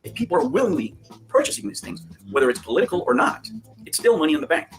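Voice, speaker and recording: A man's voice: on the high side, big pitch swings, slight background noise. A man on a casual livestream, lecturing about business and wrapping up the discussion. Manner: fast, lecturing, sums up points.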